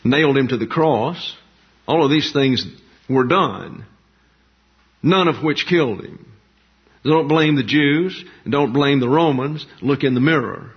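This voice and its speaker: Guy preaching doctrine, kinda husky, slow and emphatic, dull lo-fi sound. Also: medium pitch. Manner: measured, emphatic, lists terms one by one. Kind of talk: doctrinal sermon.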